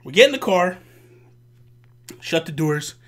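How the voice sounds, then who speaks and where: A man hosting a vlog, telling a story in a casual, animated and profane way. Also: a little high, a little slow. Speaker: host.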